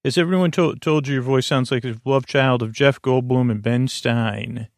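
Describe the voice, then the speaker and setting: A man hosting a sleep podcast, reading listener reviews aloud in a meandering, halting way full of fillers and restarts. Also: medium pitch, steady tone, no echo, studio quality.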